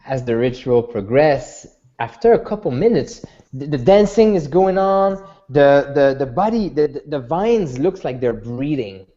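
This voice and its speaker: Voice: mid-range voice, animated, unhurried, dark tone. A game master narrating a tabletop game, rambling and restarting often. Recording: dull lo-fi recording.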